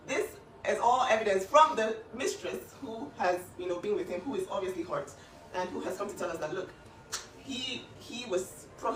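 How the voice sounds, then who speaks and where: A woman's voice: medium pitch, a bit bright, reverberant, far from the mic, a little hiss or hum. A woman speaking up for her younger sister in an emphatic, insistent casual talk. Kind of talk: emotional casual talk to camera.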